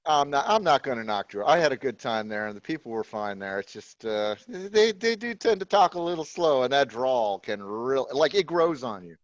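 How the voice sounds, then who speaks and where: A man tells stories with dry humor on a casual video call. His audio comes through dull and muffled, with a dry, close sound. His pitch sits in an ordinary middle range. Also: expressive, a little fast, few pauses, no room sound. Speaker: guest.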